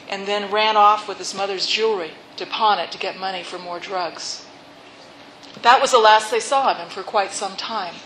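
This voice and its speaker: A woman's voice: medium pitch, slight background noise. Earnest woman preaching in an echoey room. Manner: earnest, soft-spoken, drops to a hush. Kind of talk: sermon storytelling.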